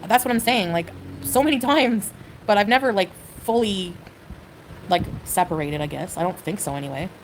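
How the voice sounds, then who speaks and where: A woman's voice: medium pitch, normal speed, a little hiss or hum, rough recording. Hesitant rambling woman on a livestream. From Canada. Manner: hesitant, rambling, full of "like" and "you know".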